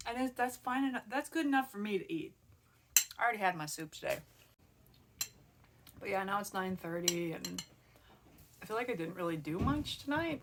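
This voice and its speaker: A woman's voice: lowish voice, a bit bright, slight background noise. Rambling young woman from Minnesota. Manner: rambling, lots of "like", drops to a mutter. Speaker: vlogger. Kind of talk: casual chat to camera.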